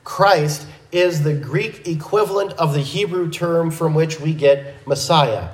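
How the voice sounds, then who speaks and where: A man teaching a Bible lesson, working through the text step by step. His delivery is slow and deliberate, his voice sits a little high, and the room around him rings with echo. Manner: measured, methodical, with small restarts.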